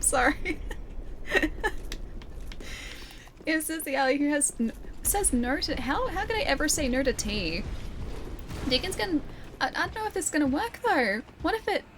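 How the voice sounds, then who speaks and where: A woman's voice: high-pitched, noisy background. A woman streaming a video game, chatting and giggling with her viewers as she plays. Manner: chatty, giggly, talks to chat while playing. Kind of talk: casual gameplay commentary. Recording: game music playing behind.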